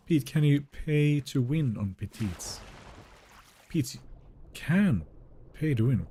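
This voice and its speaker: A man's voice: medium pitch, lively intonation, slow pace, long pauses, mellow, slightly rough. A man streaming a game live, chatting casually and reading viewer messages aloud in a wry, joking way that trails off into mumbles.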